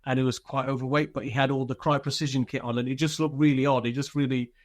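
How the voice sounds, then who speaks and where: A man's voice: medium pitch, little pitch movement, quick pace, dry recording, clean studio sound. A man telling war stories as a podcast guest, candid and laid-back, swearing freely, with lots of fillers and restarts. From Britain. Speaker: guest, army veteran. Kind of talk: casual storytelling interview.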